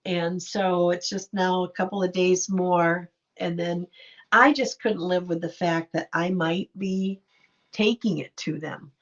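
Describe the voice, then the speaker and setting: A woman's voice: fairly low pitch, steady tone, unhurried, fairly bright tone. A middle-aged woman hosting a livestream, chatting casually and affectionately as she reacts to viewer comments. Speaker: livestream host reading chat. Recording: dull lo-fi livestream audio.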